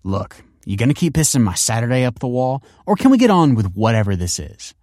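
A man's voice: medium pitch, sing-song, a little fast, darkish tone, dry recording, clean studio sound, voice pushed up, natural voice. A man voicing a sarcastic rebellious schoolgirl. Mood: defiant, sarcastic. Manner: sarcastic, insolent. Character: defiant foul-mouthed teenage schoolgirl.

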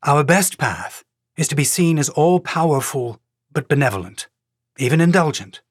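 A man voicing a cautious planetary governor who speaks in a careful, measured way. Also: fairly high pitch, expressive, no room sound, studio quality.

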